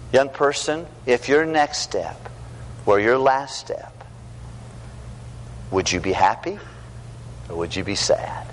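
Middle-aged guy preaching to youth, kinda high voice, earnest storytelling, big echoey hall. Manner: earnest, storytelling, swings from loud to hushed. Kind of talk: sermon to young people. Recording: long hall reverb, faint background noise.

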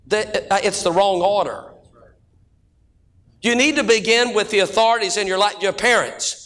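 A middle-aged male pastor preaching a sermon full of folksy jokes and stories, speeding up and then slowing down for emphasis. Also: high voice, a bit bright. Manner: folksy joking preacher, shifting between quick and slow drawn-out delivery.

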